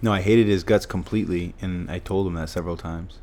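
A man's voice: deep voice, fairly even intonation, fairly quick, darkish tone. A middle-aged man from Massachusetts, a former football player telling stories as a podcast guest, emphatic and fond of repeating phrases for punch. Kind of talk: storytelling in a podcast conversation.

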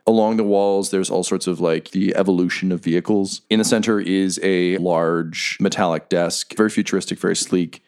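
A man narrating a tabletop game as game master in a relaxed, descriptive manner. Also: low voice, moderate pace, hardly any pauses, clear, resonant tone.

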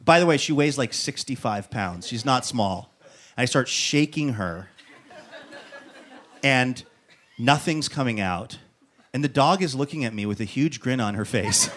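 A man hosting a talk show, with a voice in the middle pitch for a man. He tells a comic story in a lively, animated way and acts out what people said. His delivery is casual and chatty. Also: moderate pace, long pauses, slight background noise. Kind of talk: comic monologue and interview.

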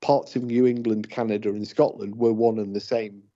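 A man's voice: on the low side, little pitch movement, normal speed, dark tone. A man co-hosting a paranormal radio talk show, speaking in a casual, hesitant way with many fillers and restarts. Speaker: paranormal investigator, co-host. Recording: dull lo-fi radio audio.

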